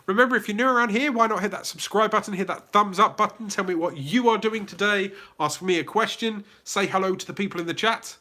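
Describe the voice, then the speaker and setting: A man's voice: high voice, fast talker, hardly any pauses, pushed and bright. A man with a British accent hosting a YouTube livestream Q&A, reading out viewers' comments and greeting them by name in a chatty way. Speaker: YouTube channel host.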